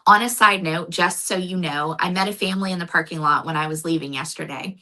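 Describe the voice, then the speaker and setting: Woman, political candidate, earnest, low-ish bright voice, storytelling. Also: a little fast, poor audio. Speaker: county commission candidate. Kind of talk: casual interview talk.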